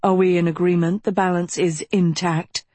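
A woman voicing a calm, sensible male professor who speaks in a measured, authoritative way, close to her own voice. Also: fairly low pitch, no echo, lightly acted. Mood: grave.

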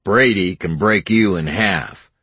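A man's voice: deep voice, takes it slowly, bright, forceful tone, slightly rough, no room sound, full character voice. A man voicing a brawny, threatening ranch brother in an audiobook, growling insults and threats. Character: brawny young ranch brother, hostile bully.

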